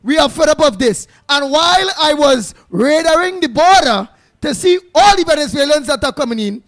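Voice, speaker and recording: A man doing a shouting, ranting border patroller. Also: very high-pitched, lively intonation, moderate pace. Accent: Trinidadian.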